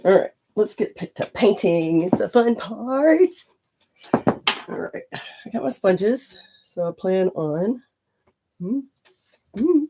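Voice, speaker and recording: A face and body painter chatting casually through a live stream from a home studio, rambling and drifting into soft asides while painting. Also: mid-range voice, animated, slow pace, pauses often, noisy background.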